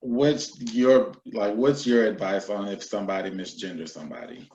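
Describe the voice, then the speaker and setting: A young man co-hosting a casual educational discussion, playful and quick to laugh. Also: fairly low pitch, lively intonation, warm tone, reverberant, dull audio. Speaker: co-host.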